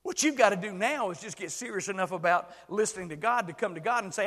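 An older man preaching a sermon with passion, swinging from hushed words to shouts. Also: high voice, animated, fast talker, few pauses, long reverb tail.

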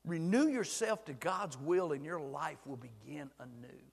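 An older man preaching a sermon with passion, swinging from hushed words to shouts. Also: fairly high pitch, a little slow, gravelly, breathy edge, in a large hall.

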